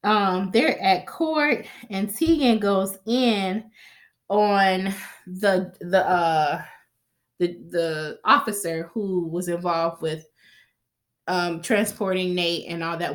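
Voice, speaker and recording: A woman's voice: fairly low pitch, takes it slowly, a bit bright. A woman giving a casual, chatty recap of a TV episode, swearing freely and acting out the characters' lines. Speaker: TV recap vlogger.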